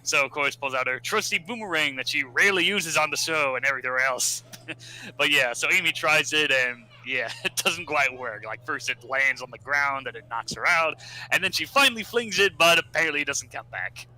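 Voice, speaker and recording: Bright, laughing young man recapping. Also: rough recording. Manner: rambling, laughs often, with quick snatches of squeaky put-on voices. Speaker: podcast co-host summarizing a comic. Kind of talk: casual recap chat.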